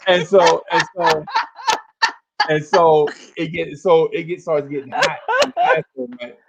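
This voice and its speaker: Lively New man telling a story. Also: on the high side, a little slow, vocal fry, heavy background noise. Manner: animated storyteller, acts out voices, laughs along. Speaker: podcast co-host. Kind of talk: casual storytelling chat.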